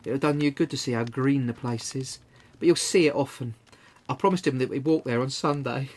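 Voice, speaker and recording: A man reading aloud, voicing a kind grieving father who talks with forced cheer, husky and emotional. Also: medium pitch, a little fast, a little mellow, close to an everyday voice. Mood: cheerful.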